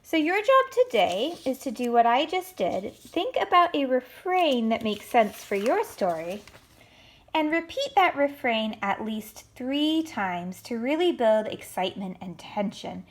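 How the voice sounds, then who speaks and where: A woman teacher records a writing lesson for young students. She explains each step clearly and speaks in an encouraging way. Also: on the high side, sing-song, a little slow.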